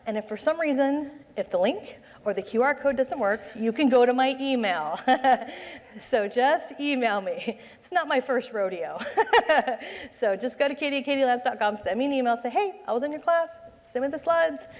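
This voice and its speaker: A woman speaking at a conference session with an upbeat, conversational delivery that keeps turning to the audience for agreement. Her voice sits at an ordinary middle pitch for a woman. The sound carries a long reverb from the large hall around her. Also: darkish tone. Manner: upbeat, chatty, often asks the room "right?". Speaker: conference speaker on social media marketing. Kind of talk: live conference presentation.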